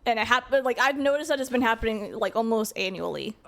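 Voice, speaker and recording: A woman's voice: fairly high pitch, lively intonation, fast talker, vocal fry, fairly bright tone. A young adult woman streamer chatting casually while gaming, speaking candidly and rambling, with lots of filler words.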